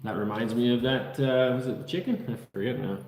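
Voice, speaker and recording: A man's voice: medium pitch, fairly even intonation, fast, darkish tone, echoey room, big-room sound, a little hiss or hum. A man from the Netherlands hosting a casual livestream from an unfinished house, reading viewers' comments and names aloud in an easygoing way. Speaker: livestream host. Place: unfinished house under construction.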